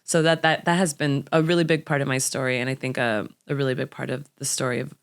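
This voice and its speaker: A woman's voice: extremely low pitch, flat delivery, quick pace. A young adult woman from the United States, a podcast guest speaking candidly and reflectively about personal experience. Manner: reflective, openly personal storyteller.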